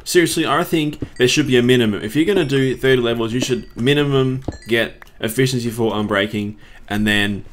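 A man's voice: medium pitch, fairly quick, slight background noise. A young man giving casual gameplay commentary as a let's play host, chatting in a rambling way and swearing when frustrated.

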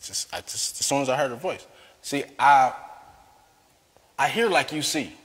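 A man giving a personal testimony as a guest, an animated talker who laughs often. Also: mid-range voice, normal speed, big-room sound. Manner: lively, laughs often, calls himself a talker.

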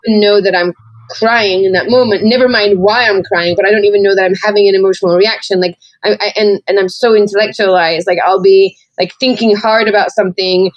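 A woman's voice: medium pitch, steady tone, brisk, no echo. Woman podcast co-host, candid, meandering with fillers; muffled, close and dry. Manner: rambling, many "like" fillers, reflective. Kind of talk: candid conversational chat.

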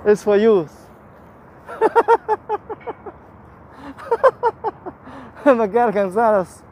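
Male livestream host, high voice, slow and chatty, broken English, outdoors with light street noise. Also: expressive. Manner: cheerful, chatty, thanks viewers by name. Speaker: livestream walking-tour host. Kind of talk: casual live-stream chat. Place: outdoors in a city park by the waterfront.

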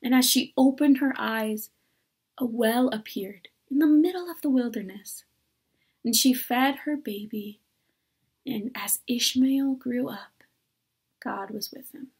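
A woman's voice: a little high, measured pace, a little mellow, slightly rough. A woman preaching a sermon at a church service, conversational and earnest, with playful asides.

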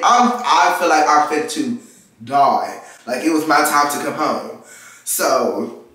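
A man's voice: fairly high pitch, bright, forceful tone, far from the mic. A nineteen-year-old man from Texas, telling a casual story time and animatedly acting out the people in his story. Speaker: vlogger. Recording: very echoey room, mic set back.

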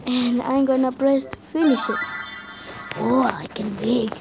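Jumpy high-voiced woman playing a game. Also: fairly even intonation. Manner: halting, simple phrasing, often calls out to "guys"; jumpy and easily spooked. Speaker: gaming channel host. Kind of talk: let's-play commentary. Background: game music.

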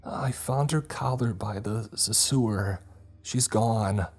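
A man's voice: lowish voice, slow pace, darkish tone, breathy edge, voice pushed up, heavily acted. A man voicing a young girl who wails and stammers through her upset. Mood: distraught.

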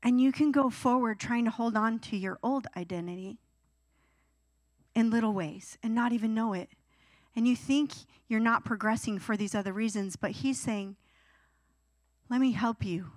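A young woman preaching to a youth service with a voice a little higher than most. She talks in an animated way and breaks into whiny teenage voices to act out her points. The sound is dry and close, with no room echo. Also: moderate pace, long pauses. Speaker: youth pastor. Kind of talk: sermon.

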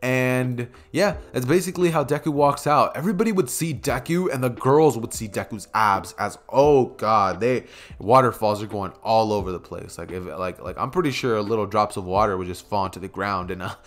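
Speaking at a moderate pace with an expressive, medium-pitched voice, a young man makes up a fan story on the fly. He rambles, leans on fillers, and chuckles through asides at a desk mic next to a keyboard.

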